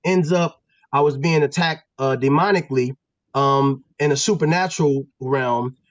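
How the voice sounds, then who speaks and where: A man from Pennsylvania, a former football player and guest, telling stories in a casual, animated, slangy way with lots of restarts. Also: mid-range voice, normal speed, dry recording, dull audio. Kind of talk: casual storytelling.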